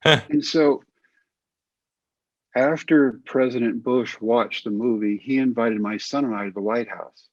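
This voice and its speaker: A middle-aged man from Texas, a former baseball pitcher, telling stories in a casual interview and acting out the voices of other people. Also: unhurried, pauses often, no echo, dull audio. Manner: animated, acts out quoted voices.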